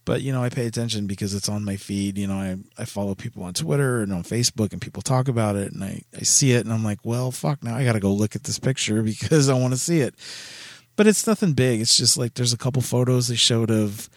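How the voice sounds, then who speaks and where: A man's voice: mid-range voice, fast talker, no room sound, studio quality. A man talking casually and bluntly on his own, exasperated and swearing freely as he goes. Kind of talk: casual solo commentary.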